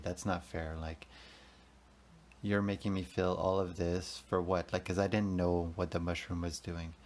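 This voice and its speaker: A man in his thirties, hosting a podcast as a rambling, profane, confessional solo monologue. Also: sits low. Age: 30s. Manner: rambling, profane, emotional, talks to himself. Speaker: podcast host.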